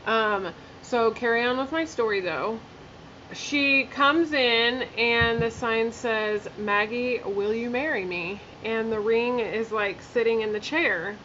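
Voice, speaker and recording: A woman chats through a storytime vlog as she does her makeup, candid and blunt, leaning on fillers and the odd curse. Her voice sits a little high, and the recording is a bit dull and lo-fi with faint room ambience behind her. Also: slow, pushed and bright, a little hiss or hum. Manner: chatty, filler-heavy, candid and blunt with swearing. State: emotional, near tears. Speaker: vlogger. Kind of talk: casual storytime while doing makeup.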